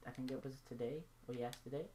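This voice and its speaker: A low-pitched young woman talks through her gaming vlog. She rambles from topic to topic and stays silly and playful while she plays. A faint hiss sits under her voice. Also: steady tone, fast, dark tone. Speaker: gaming channel host. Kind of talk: casual gaming vlog commentary.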